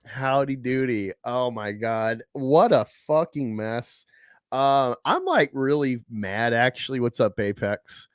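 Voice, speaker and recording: A man's voice: medium pitch, expressive, slow, smooth, dry recording, clean studio sound. A man hosting a casual live stream about comic books. He rambles, swears freely and talks with sarcasm. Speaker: host. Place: home room at a table.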